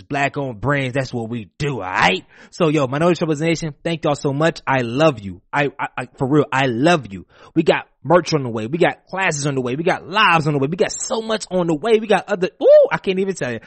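Male podcast host, hyped and slangy, fairly high voice, dry close mic. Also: no echo. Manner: animated, emotional, slangy hype talk. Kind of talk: excited podcast intro monologue.

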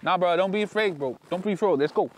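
A young man vlogging in goofy casual banter, joking and laughing, swinging between loud bursts and mumbles. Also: high-pitched, fast talker, slight background noise.

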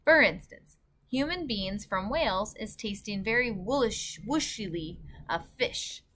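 A woman's voice: mid-range voice, animated, unhurried, fairly bright tone. A woman voicing a big friendly male giant who mangles his words, reading a storybook aloud. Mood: lively. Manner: jumbled words, stern then cheerful.

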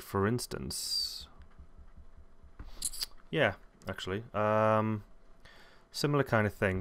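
A man hosting a casual software tutorial, rambling and correcting himself as he thinks aloud. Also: low-pitched, smooth. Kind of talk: casual screen-recorded tutorial.

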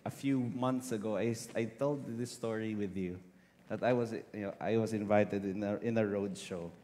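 A man's voice: on the low side, normal speed, dark tone. Filipino man preaching in a large hall. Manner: switches between English and Tagalog, emotional and earnest. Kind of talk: sermon. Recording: hall reverb with faint music.

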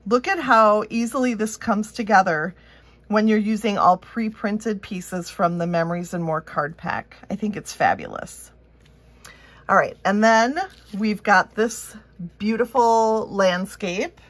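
A woman's voice: medium pitch, a little slow, no echo. A woman from Minnesota with a Minnesotan accent, chatting casually as she walks through a craft tutorial step by step. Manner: chatty and upbeat, thinking aloud while working. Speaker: craft instructor.

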